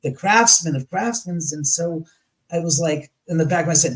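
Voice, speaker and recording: A man guest on a live talk show, telling a story in a lively way, acting out his past arguments and swearing freely. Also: fairly high pitch, normal speed, poor audio. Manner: animated, acts out his own past arguments.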